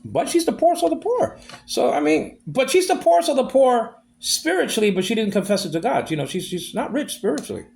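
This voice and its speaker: A man vents in a long, aggrieved monologue and circles back to the same complaints. His voice is gravelly, and his pitch swings widely from high to low. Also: very animated, brisk, darkish tone. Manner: aggrieved, repetitive, ranting. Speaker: vlogger. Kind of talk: ranting monologue.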